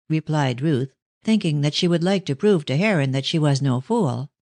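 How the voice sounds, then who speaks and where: A woman narrating a classic mystery novel in a measured, even storytelling manner. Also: low-pitched, dry recording, studio quality. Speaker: audiobook narrator.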